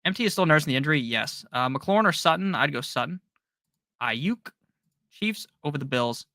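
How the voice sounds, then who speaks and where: A man hosting a casual live-stream Q&A, reading viewer questions aloud and answering them quickly with jokes. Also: on the high side, animated, pushed and bright, dry recording, studio quality. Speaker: fantasy football stream host.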